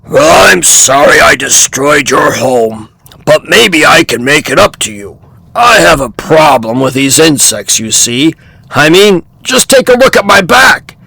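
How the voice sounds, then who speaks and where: Storybook buffalo: man voices a big, stubborn, gravelly beast, sharp bright tone. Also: a little high, very animated, unhurried, no room sound, exaggerated voice. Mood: apologetic.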